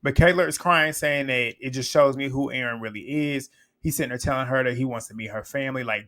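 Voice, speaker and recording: A man's voice: medium pitch, brisk, fairly bright tone. Blunt, chatty man recapping a show. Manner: chatty and blunt, swears freely, laughs often, acts out quotes. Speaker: reality TV recap reviewer. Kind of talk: casual episode recap commentary.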